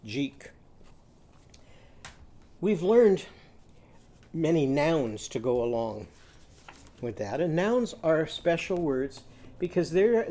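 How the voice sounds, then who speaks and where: Slow, mellow-voiced man teaching children. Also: on the high side. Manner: patient, guiding children through sounds and letters. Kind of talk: children's literacy lesson.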